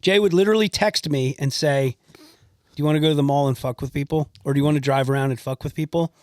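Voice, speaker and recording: A man from New Jersey spins stories for a podcast, swearing freely and acting out every person he describes. His voice sits a little high, and the sound is close and dry, with no room around it. He talks in loose, casual chat. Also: fast talker, no echo. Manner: animated storyteller, swears freely, acts out the people in his stories. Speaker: podcast host.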